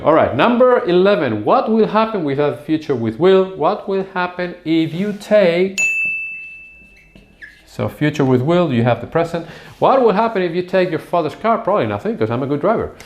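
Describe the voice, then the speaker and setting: A man teaching English grammar at a whiteboard, explaining patiently step by step and drawing out words as he writes. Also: medium pitch. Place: classroom with a whiteboard. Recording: echoey room.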